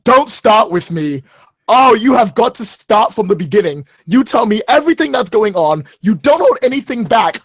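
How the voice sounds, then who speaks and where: A man voicing an exasperated old father who shouts with a cracking voice at his grown son. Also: high-pitched, big pitch swings, normal speed, no room sound, exaggerated voice, low-quality recording.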